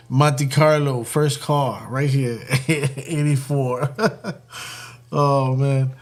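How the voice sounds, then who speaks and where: A man's voice: medium pitch, drawn-out words, long pauses, fairly bright tone. A man hosting a casual live stream and joking with his chat while building a kit, often breaking into laughter.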